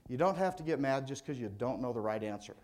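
A man's voice: mid-range voice, expressive, quick pace, darkish tone, natural voice. A man voicing a boastful male lion who demands praise, in a spoken story. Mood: huffy. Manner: proud, demanding.

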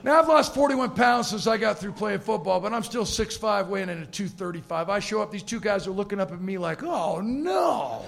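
A man's voice: sits high, fairly quick, vocal fry, few pauses, a bit bright. A middle-aged man giving a humorous motivational keynote speech at a conference, telling stories and acting out the people in them. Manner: storytelling with comic asides and acted-out quotes. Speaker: keynote speaker. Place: conference stage.

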